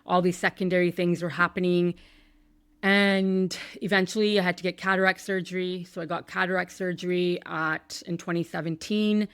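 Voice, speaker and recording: A woman's voice: on the low side, flat delivery, normal speed, clean tone, dry recording. A woman podcast host in her thirties telling a painful personal story, candid and emotional, with some swearing.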